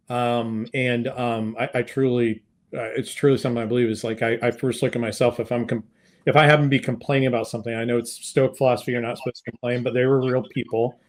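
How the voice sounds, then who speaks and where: Rambling man telling a story. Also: medium pitch. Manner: rambling with many restarts and fillers. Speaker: podcast guest, sales consultant. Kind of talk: casual interview storytelling.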